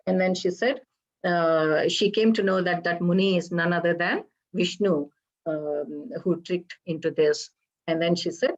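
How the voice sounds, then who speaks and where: For a temple program, a woman with a lowish voice retells an old Hindu legend, halting and explanatory, checking in with her listeners along the way. The recording is slightly dull and lo-fi.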